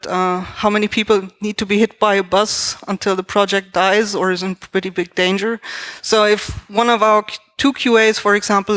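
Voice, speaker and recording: Woman giving a conference talk on software team practices, mid-pitched voice, relaxed and explanatory, thinks aloud as she talks. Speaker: software quality assurance specialist. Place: Berlin company.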